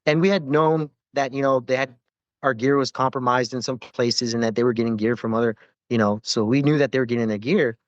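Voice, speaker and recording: A man's voice: mid-range voice, fairly even intonation, fairly quick, no echo, highs cut off. A man, a former Navy corpsman, telling rambling war stories with lots of swearing and fillers in a casual podcast interview.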